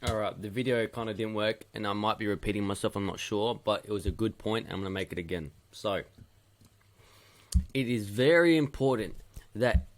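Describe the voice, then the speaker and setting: Gravelly-voiced male youth coach, stern and lecturing, drills his points by repeating them. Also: fairly low pitch, normal speed. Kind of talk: video match feedback to players.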